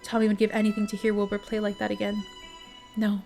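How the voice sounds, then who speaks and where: A woman reads a bedtime story aloud at a steady, even pace. She is expressive but unhurried and corrects the odd stumble as she goes. Soft guitar music plays faintly underneath. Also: medium pitch, gravelly. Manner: steady, expressive reading with small slips. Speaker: streamer reading a story.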